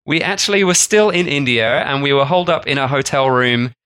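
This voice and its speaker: A man's voice: mid-range voice, brisk, smooth. A man co-hosting a food travel podcast, telling a story in a casual, chatty way. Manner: chatty, animated retelling. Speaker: podcast co-host.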